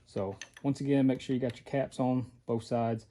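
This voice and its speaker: A man's voice: medium pitch, fairly even intonation, moderate pace, warm tone. A man giving a casual how-to while he works on a vehicle, plain-spoken and out of breath. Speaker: off-road parts maker showing an install.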